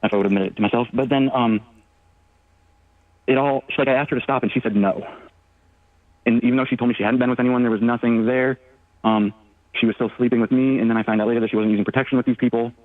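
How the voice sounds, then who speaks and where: A man in his early thirties calling an advice show, speaking in a hesitant, halting way with many ums. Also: medium pitch, steady tone, no echo. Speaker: caller. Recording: tinny phone line.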